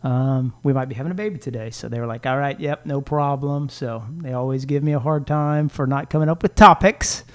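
A man's voice: mid-range voice, brisk, hardly any pauses, smooth. Laid-back rambling podcast man. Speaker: podcast co-host. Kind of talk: casual chat.

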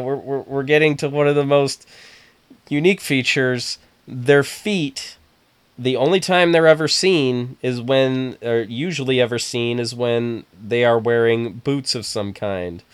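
A man in casual podcast chat, talking in an animated, halting way with frequent restarts. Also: medium pitch, smooth, dry recording.

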